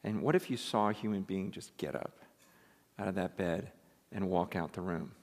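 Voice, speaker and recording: A man's voice: sits low, moderate pace, a little mellow. A man preaching a sermon in a church, emphatic and full of rhetorical questions to his congregation. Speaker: pastor. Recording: echoey hall, preached live.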